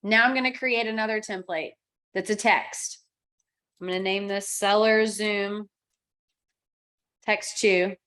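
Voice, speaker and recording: A middle-aged woman, a real estate software coach who talks through each click of a screen-share tutorial step by step and acts out sample client texts. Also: medium pitch, steady tone, measured pace, long pauses.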